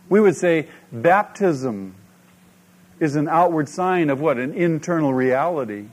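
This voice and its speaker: A man preaching a sermon as pastor, animated and asking the congregation questions. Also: on the high side.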